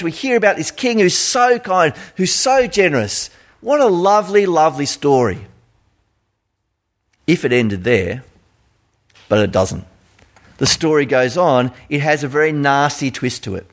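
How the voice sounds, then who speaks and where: A middle-aged Australian man giving a sermon in a conversational style, full of rhetorical questions. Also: a little high. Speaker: preacher.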